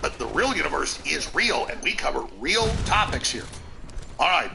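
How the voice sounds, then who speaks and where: A man's voice: on the high side, very animated, creaky, background noise. A male talk show host ranting emphatically in commentary. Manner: emphatic, rapid, conspiratorial.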